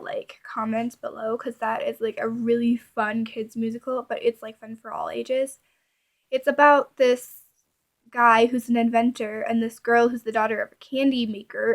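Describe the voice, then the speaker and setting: A young woman vlogging in a rambling, casual chat full of filler words. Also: on the high side.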